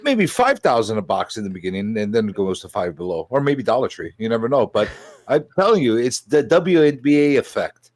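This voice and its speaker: A man's voice: mid-range voice, sing-song, a little fast, dry recording. A man co-hosting a casual podcast, blunt and profane. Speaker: podcast co-host. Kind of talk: casual chat.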